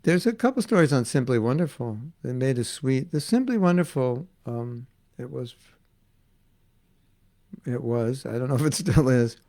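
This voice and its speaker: A man's voice: medium pitch, expressive, normal speed, darkish tone. A man giving an informal devotional class, chatty and laughing as he tells stories and acts out the voices in them. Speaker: spiritual teacher giving a class.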